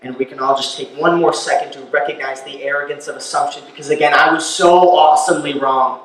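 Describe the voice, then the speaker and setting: A man performing a stand-up comedy set, telling a long story and building to loud, incredulous rants. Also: a little high, steady tone, quick pace, far from the mic. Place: live comedy venue. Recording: very echoey room, voice from off-mic.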